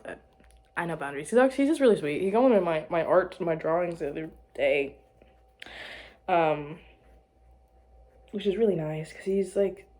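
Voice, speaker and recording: A young woman chatting to camera about her life, rambling and restarting, giggling and dropping to quiet murmurs. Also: fairly low pitch, brisk. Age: young adult. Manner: rambling, self-interrupting, giggly, drops to murmurs. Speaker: vlogger. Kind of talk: casual chat to camera.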